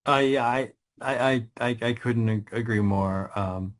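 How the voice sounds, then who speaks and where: A man, a guest writer in a casual interview, telling stories with lots of restarts, quick laughs and rising excitement. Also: medium pitch. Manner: animated storytelling, many restarts, laughs often.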